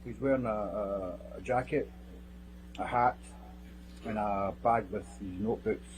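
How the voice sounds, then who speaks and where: A man's voice: lowish voice, a little slow, a little hiss or hum, low-quality recording. A middle-aged man, a security team member giving sworn witness testimony in a blunt, plain-spoken, vivid way. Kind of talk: recounting events in sworn testimony.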